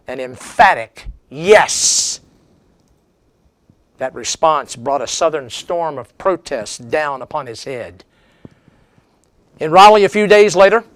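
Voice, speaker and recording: A man's voice: on the high side, a bit bright, clear, resonant tone, dry recording. A man giving a history lecture as a seminar speaker, telling it as a dramatic story with strong emphasis.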